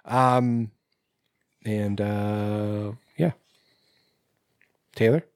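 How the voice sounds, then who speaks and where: A man's voice: lowish voice, little pitch movement, very slow, clear, resonant tone, no room sound, studio quality. A man co-hosting a casual podcast chat, rambling with many fillers and restarts. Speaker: podcast co-host.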